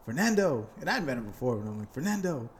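A man's voice: medium pitch, sing-song, racing, slight background noise. A man co-hosting a podcast, telling a story in an upbeat, casual way. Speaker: podcast co-host.

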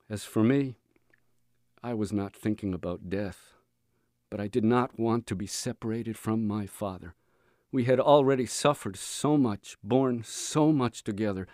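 Man, lowish voice, earnest audiobook reading, dry close mic. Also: a little slow, a little mellow, no room sound. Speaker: teacher reading to students.

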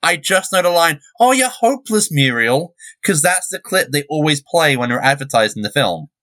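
A man's voice: fairly high pitch, lively intonation, fairly quick, bright, forceful tone. A young English man co-hosting a podcast, rambling through digressions and swearing freely. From England. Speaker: podcast co-host. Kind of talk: casual chat.

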